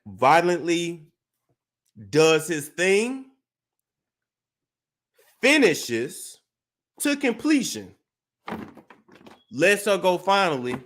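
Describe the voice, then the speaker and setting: A man hosting a celebrity gossip show, telling a story with dramatic pauses, restarts. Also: high voice, big pitch swings, fairly bright tone. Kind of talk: casual gossip commentary.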